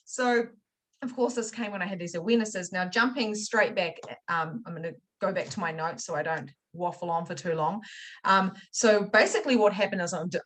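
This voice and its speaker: A woman coach gives a spiritual money masterclass in a chatty, unfiltered way. She swears freely and speaks straight to her viewers. Her delivery swings between bursts of excited loudness and low, confiding asides, with her voice sitting at an ordinary middle pitch. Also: rough recording. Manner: animated, jumps from loud excitement to quiet, confessional asides; casual swearing, chatty direct address. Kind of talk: motivational masterclass talk.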